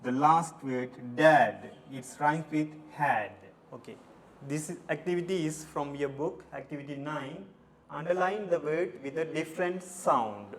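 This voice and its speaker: A man teaching a recorded English lesson from Sri Lanka, drilling words slowly one at a time. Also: on the high side. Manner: slow, deliberate word-by-word drilling. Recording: distant mic, faint room noise.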